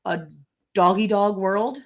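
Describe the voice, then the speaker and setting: A woman's voice: mid-range voice, fairly even intonation, takes it slowly. A woman hosting a casual live chat, telling stories and laughing often. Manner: chatty, laughing, storytelling. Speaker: live stream host.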